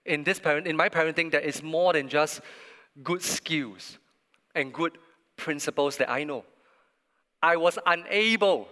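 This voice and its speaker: A man with a fairly high, bright, forceful voice preaches a sermon in an earnest, storytelling way. He leans on emphatic pauses, and his words ring out with the long reverb of a large church hall.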